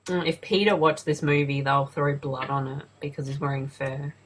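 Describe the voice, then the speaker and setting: Australian woman co-host, husky, low, loose swearing movie chat. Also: steady tone, normal speed, rough recording. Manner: swearing, laughing, filler-heavy chat. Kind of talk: casual movie watch-along commentary.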